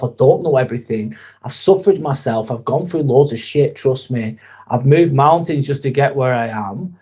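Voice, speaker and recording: A man's voice: medium pitch, a little mellow, breathy edge. A young man hosts a casual live vlog, talking in an earnest, rambling way and swearing casually. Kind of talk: casual live-stream chat.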